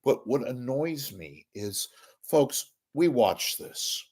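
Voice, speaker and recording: A man's voice: medium pitch, animated, slow pace, darkish tone, husky. Rambling wisecracking man ranting to camera. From San Francisco Bay Area. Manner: rambling, wisecracking, profane, goes off on tangents. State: clearing his throat. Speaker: host of a media commentary show. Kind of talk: casual rant to camera. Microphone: webcam or camera at desk.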